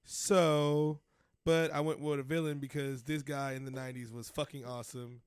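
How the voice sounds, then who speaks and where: A man's voice: mid-range voice, flat delivery, normal speed, clean tone, no echo, clean studio sound. A man in his thirties in casual podcast chat, joking, swearing freely and rambling a little. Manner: profane, joking, loose and rambling. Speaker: podcast co-host.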